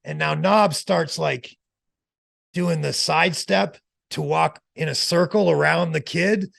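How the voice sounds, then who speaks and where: A man telling a long, animated anecdote as an interview guest, in a slangy, casual way. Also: on the high side, a little slow, creaky, dry recording, clean studio sound.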